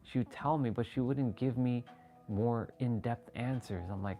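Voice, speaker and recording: A man hosting a casual livestream, talking excitably with rambling restarts and sudden jumps in voice as he relives moments, swearing freely. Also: medium pitch, normal speed. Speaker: livestream host. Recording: faint background music.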